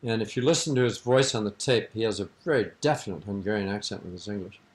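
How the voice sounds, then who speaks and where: A man's voice: on the low side, fast talker. Older man, interviewee, rambling anecdotal storytelling, amused, archival tape. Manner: rambling, amused, breaks into laughter.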